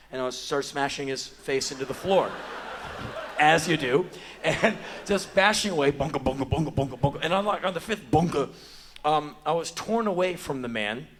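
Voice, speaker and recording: Emphatic American man telling stories on stage. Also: medium pitch. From United States. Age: 40s. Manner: emphatic, deadpan storytelling. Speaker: spoken word performer. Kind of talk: live spoken word storytelling. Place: theater stage.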